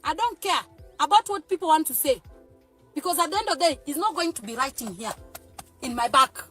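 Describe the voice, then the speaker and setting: A Nigerian woman rants to camera in a very high voice that swings widely. She sounds agitated, threatening and pleading, and faint music plays behind her. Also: animated, fairly quick, a bit bright. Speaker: mother. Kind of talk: emotional rant to camera. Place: parked car.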